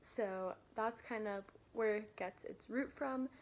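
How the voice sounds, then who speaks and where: A woman's voice: mid-range voice, takes it slowly. Woman reading a picture book aloud. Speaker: storybook reader.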